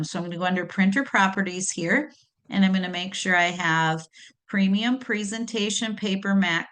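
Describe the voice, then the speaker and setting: A woman's voice: on the low side, fairly bright tone. A woman hosting a crafting tutorial who explains each step and setting methodically as she works.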